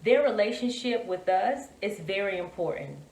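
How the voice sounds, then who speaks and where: Lady co-host chatting with her husband, lively, restarts a lot, echoey room. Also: medium pitch, moderate pace. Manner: animated, encouraging, laughs often, many restarts. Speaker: podcast co-host. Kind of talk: casual chat between spouses. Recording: roomy echo, distant mic.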